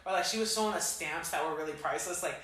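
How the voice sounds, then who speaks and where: A young man telling a story on a casual podcast, slangy and animated, with plenty of swearing. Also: a little high, rapid-fire. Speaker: podcast co-host. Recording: echoey room, mic far off, faint noise.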